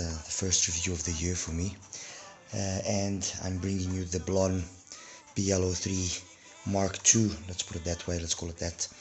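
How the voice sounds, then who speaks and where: A man with a hoarse voice from a throat infection and cold, reviewing earphones in a rambling, casual way with many fillers and restarts. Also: sits low.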